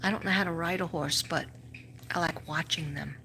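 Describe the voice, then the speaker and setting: A woman's voice: deep voice, steady tone, normal speed, sharp tone, a little hiss or hum. A middle-aged woman with a New York accent, chatting casually with viewers on a livestream, rambling and restarting, sometimes dropping to a whisper. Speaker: livestream host.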